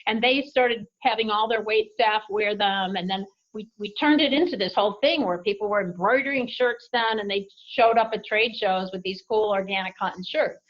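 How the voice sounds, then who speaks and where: A woman at mid pitch answers interview questions as head of a clothing company. She tells her business stories in an animated way and acts out the voices of the people in them. The audio is dull and lo-fi. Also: normal speed, few pauses. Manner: animated anecdotes with lively quoted voices. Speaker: CEO of an apparel company, interview guest. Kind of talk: conversational interview, storytelling.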